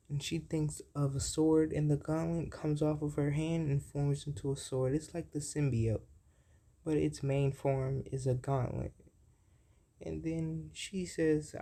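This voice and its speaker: A storyteller making up a fan-fiction tale as they go, halting, with many fillers and self-corrections. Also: medium pitch, steady tone, dark tone.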